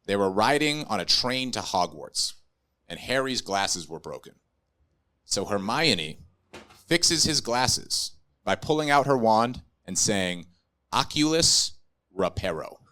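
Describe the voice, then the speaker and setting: A man's voice: fairly low pitch, lively intonation, unhurried, bright, forceful tone, clear, resonant tone. A young adult man doing stand-up comedy with a dry, ironic delivery.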